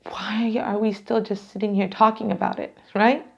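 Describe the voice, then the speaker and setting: A woman with a gravelly edge to her mid-pitched voice talks through a tarot reading. She rambles and laughs often, and she sounds close to tears. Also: flat delivery, moderate pace, a little mellow, dull audio. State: near tears. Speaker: tarot reader. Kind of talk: casual tarot reading to camera.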